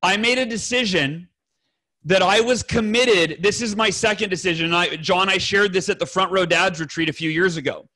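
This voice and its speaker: A man telling an emotional personal story to other fathers as a podcast guest, earnest and rambling, correcting himself, clearing his throat and swearing now and then. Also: high-pitched, normal speed, pushed and bright.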